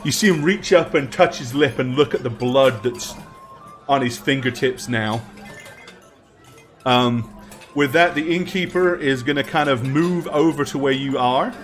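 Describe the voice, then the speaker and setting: A man's voice: mid-range voice, unhurried, faint music behind. A man narrating a tabletop game as game master, with many fillers.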